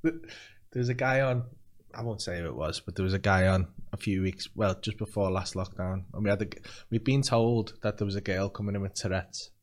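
A man's voice: on the low side, a little fast. Male podcast host telling rambling stories. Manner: rambling anecdotes, laughs often, swears. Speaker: podcast host and comedy club compere. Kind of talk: casual podcast chat.

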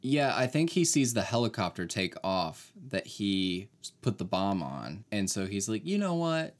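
Deep-voiced man with dry, sarcastic asides. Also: expressive, normal speed. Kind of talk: casual chat.

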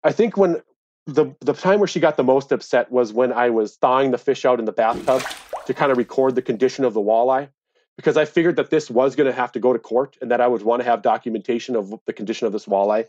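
A man's voice: mid-range voice, fast, darkish tone, no room sound. Man, earnest storyteller, indignant edge; dry, slightly dull recording. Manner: earnest, indignant when recounting. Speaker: interviewee, angler. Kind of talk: conversational storytelling.

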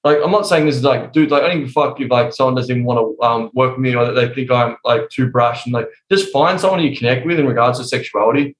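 A man telling stories in a profane, animated way during a casual podcast conversation, as a guest coach. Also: mid-range voice, fast, few pauses. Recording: roomy echo.

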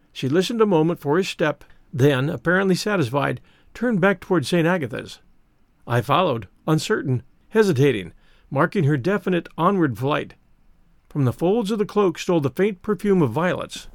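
A man narrating an audiobook in a measured, expressive way. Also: a little high, dry recording, studio quality.

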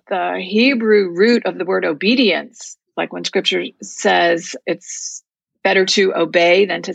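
A woman's voice: mid-range voice, creaky, fairly bright tone, dry recording, low-quality recording. A woman guest telling a personal faith story in an earnest, heartfelt, reflective way. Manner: heartfelt, reflective, speaks of prayer and scripture.

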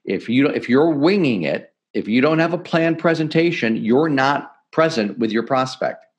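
A middle-aged man, a podcast guest, explaining sales techniques in an energetic, emphatic coaching manner. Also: mid-range voice, normal speed, dull audio. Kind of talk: podcast interview, teaching sales tips.

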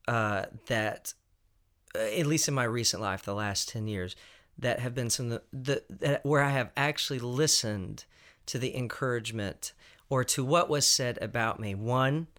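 A man's voice: medium pitch, normal speed, a bit bright. Panel guest, male, Southern US accent: reflective, hunts for words, laughs easily. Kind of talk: casual panel discussion.

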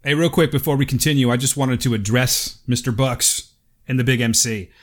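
A man's voice: mid-range voice, brisk. A man hosting a podcast, chatting casually, teasing his co-host and reading listener emails. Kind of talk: casual chat.

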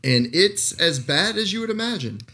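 Bright-voiced exasperated man. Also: high voice, very animated, normal speed. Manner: exasperated, swears often. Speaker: podcast co-host. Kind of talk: casual movie-riff chat.

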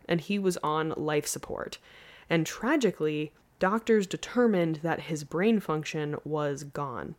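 Podcast host, woman, lowish voice, earnest casual storyteller. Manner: earnest, lively, laughs easily.

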